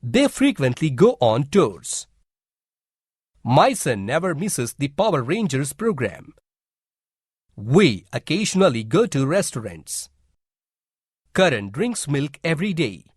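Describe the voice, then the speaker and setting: Male narrator for kids' lesson videos, slow and clear, husky, lively pitch. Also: dry recording, studio quality. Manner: slow and deliberate, instructive. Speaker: teacher narrator. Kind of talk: scripted educational narration.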